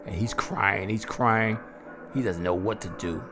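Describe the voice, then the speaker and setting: A man narrating a first-person horror story in a gleeful, chuckling, drawn-out way. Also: on the low side, music in the background.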